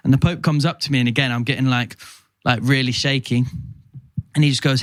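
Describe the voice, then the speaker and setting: A man, a podcast guest telling a long story in casual, energetic chat. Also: mid-range voice, no echo. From United Kingdom. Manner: energetic, talks fast and at length.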